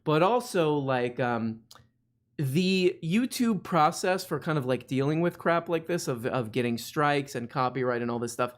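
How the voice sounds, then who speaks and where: Guy on his stream, kinda high voice, rambling with lots of ums. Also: unhurried. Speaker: stream host. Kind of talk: casual livestream chat.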